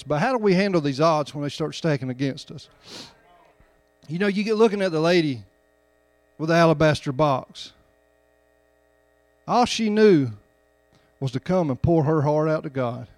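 High-voiced folksy preacher. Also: male voice, dry recording. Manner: folksy storytelling, rising to loud emphatic preaching. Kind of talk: sermon.

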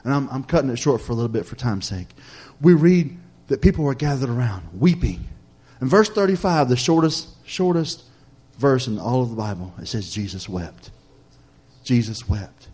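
A male pastor preaching a sermon, repeating phrases in a rhythmic cadence, asking "Amen?" of the congregation, swinging between loud emphatic lines and soft hushed ones. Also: mid-range voice, big pitch swings, normal speed, hardly any pauses, slightly rough. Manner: preacherly, repetitive cadence with call-and-response "Amen?".

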